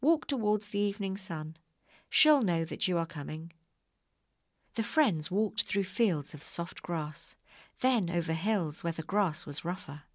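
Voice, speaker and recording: A woman reading a children's storybook aloud in an expressive, clear way. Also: on the low side, no room sound, studio quality.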